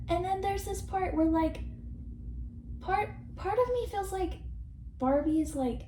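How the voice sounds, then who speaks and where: A woman's voice: very high voice, expressive, measured pace, long pauses, mellow. A young woman vlogger rambling in casual commentary, swearing, mocking and laughing often, recorded on a camera mic in a room. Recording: echoey room with faint noise.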